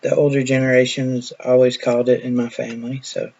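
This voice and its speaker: A woman's voice: very deep voice, flat delivery, brisk, darkish tone, muffled recording. A woman, a nurse chatting casually in a vlog, telling stories in a folksy way that trails off now and then.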